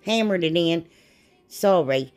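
A woman's voice: fairly low pitch, animated, takes it slowly, darkish tone, soft background music. A woman, chatting casually and rambling a little as she narrates a DIY craft video. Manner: chatty, rambling, laughs at herself.

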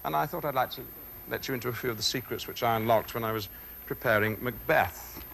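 Male actor explaining verse, forceful tone, measured pauses, faint noise behind. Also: medium pitch, creaky. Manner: measured, reflective, with thoughtful pauses. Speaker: stage actor. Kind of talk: talk on performing Shakespeare.

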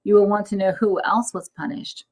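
A woman voicing the north wind, telling its tale gravely. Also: medium pitch, normal speed, darkish tone, lightly acted, poor audio. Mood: solemn. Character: solemn, storytelling north wind.

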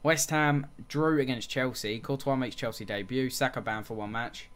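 A man's voice: medium pitch, steady tone, normal speed, a bit bright. A man giving casual let's-play commentary on a football management game, calling the action play by play and muttering frustrated asides. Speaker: gaming channel host.

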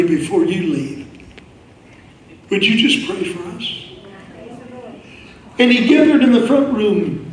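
An older man preaching a sermon at a conference, telling a story full of quoted voices and laughing asides. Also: sits high. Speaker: pastor. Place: large conference hall. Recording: echoey hall from a distance.

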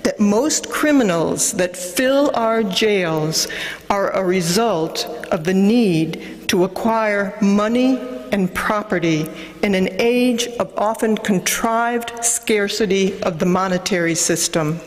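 A woman reading a scripted narration in a slow, measured way. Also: mid-range voice, big-room sound.

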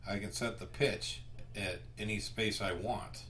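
A man hosting a home guitar tutorial, short of breath and speaking in slow, halting phrases with pauses. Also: fairly low pitch, fairly even intonation, fairly bright tone, slight background noise.

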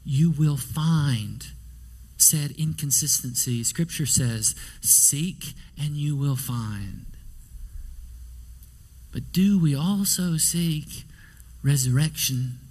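Male pastor, fairly high voice, sermon delivery with rhetorical questions and whispered asides. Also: drawn-out words, a little mellow, slightly rough. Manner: storytelling preacher, rhetorical questions, whispers quoted lines. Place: church sanctuary.

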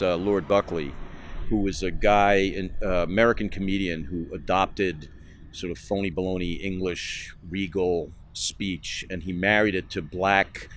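A man's voice: fairly low pitch, slight background noise. A man answering interview questions about his work in a reflective way, with fillers. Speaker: puppeteer interviewed.

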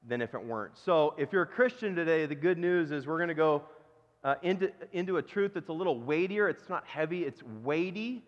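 A male pastor preaching a sermon in a conversational, self-deprecating way, telling a story. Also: fairly high pitch. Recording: dull recording with long church reverb.

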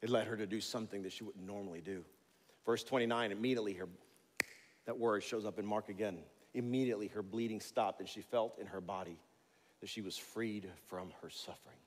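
A male pastor giving a sermon in a church, conversational and animated, with jokey storytelling. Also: fairly low pitch, brisk, long reverb tail. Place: church sanctuary.

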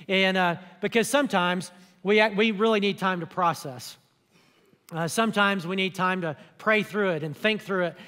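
A man's voice: high-pitched, sharp tone. A man preaching a sermon in a conversational way, explaining scripture to his congregation in a church. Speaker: pastor. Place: church auditorium. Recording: long hall reverb.

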